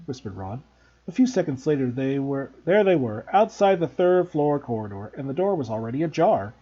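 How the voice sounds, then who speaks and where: A male teacher reads a children's novel aloud with a husky, mellow voice and a lively, expressive lilt. His pitch sits a little high. The recording is dull and lo-fi. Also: moderate pace. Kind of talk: storybook read-aloud narration.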